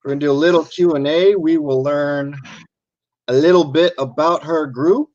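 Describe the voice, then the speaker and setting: A man hosts a live video stream in an upbeat, chatty way, greeting viewers and running through the show's plan. His voice sits a bit high for a man. The sound is dry and slightly muffled, as from a computer mic. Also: steady tone, moderate pace, a little mellow, no echo. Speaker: host. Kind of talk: casual live stream chat. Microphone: computer mic on a video call.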